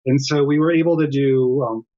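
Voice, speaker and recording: A man's voice: medium pitch, steady tone, moderate pace, highs cut off. A middle-aged man, a developmental psychologist, explaining his work earnestly as a guest in a remote interview from home. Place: home during lockdown.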